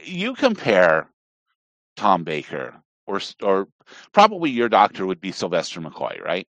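Lively low-voiced man chatting. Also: measured pace, no room sound. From Southern Appalachia, US. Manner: rambling, digressive, animated. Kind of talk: casual conversation.

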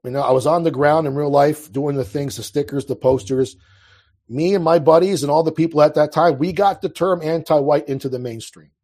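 A man's voice: a little high, brisk, a little mellow. A man in his thirties telling his life story as an interview guest, in a casual, rambling way full of restarts. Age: 30s. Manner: rambling, restarts, frequent fillers.

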